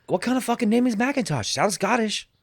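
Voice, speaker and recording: A man voicing an indignant male robot peanut gentleman who is shrill, belligerent and profane. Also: expressive, fast talker, slightly rough, no room sound, exaggerated voice.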